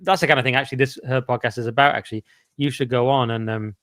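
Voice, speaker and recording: A man's voice: mid-range voice, steady tone, fast talker, fairly bright tone, no echo, studio quality. A tired young man hosting a casual live stream, jokey and self-deprecating. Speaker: livestream host.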